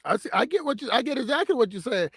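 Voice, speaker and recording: A man's voice: very high-pitched, very animated, fast talker, fairly bright tone, breathy edge, no echo, studio quality. A man co-hosting a casual talk show, speaking emphatically and opinionatedly and often laughing. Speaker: podcast co-host. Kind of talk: casual conversation.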